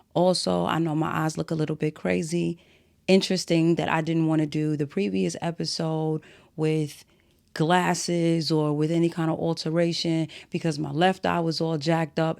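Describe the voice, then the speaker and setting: A man's voice: a little high, creaky. Blunt, preachy man hosting a podcast. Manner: blunt, direct, self-described as not a soft speaker; sermon-like, motivational. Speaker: podcast host. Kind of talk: solo podcast monologue.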